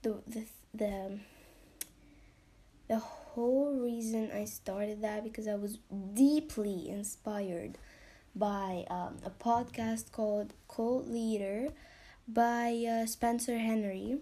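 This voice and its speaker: A young woman hosts a casual podcast, talking slowly in a somewhat high, warm, soft-edged voice. She rambles with plenty of fillers and curses. Now and then she drops into a whisper. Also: steady tone. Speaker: podcast host.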